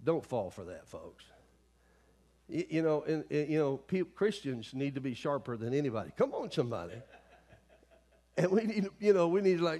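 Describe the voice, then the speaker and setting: A man's voice: on the high side, very animated, moderate pace, warm tone. A middle-aged male pastor preaching a sermon in a folksy way, with many asides and calls to the congregation.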